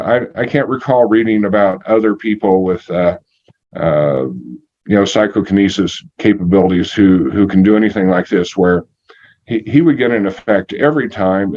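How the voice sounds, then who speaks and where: A man in his sixties telling a story from his life as an interview guest, halting with many fillers and matter-of-fact. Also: low-pitched, a little mellow. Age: 60s. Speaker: energy healer guest. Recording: muffled lo-fi audio.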